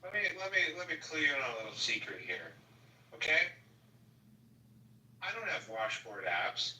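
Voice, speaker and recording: A man's voice: medium pitch, pushed and bright. A man hosting a casual live audio chat, lecturing emphatically. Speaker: host. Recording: echoey, distant, faint noise.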